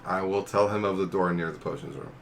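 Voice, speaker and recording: A man taking part as a player in a tabletop game, relaxed and describing his character's actions. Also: deep voice, brisk, gravelly, a little hiss or hum.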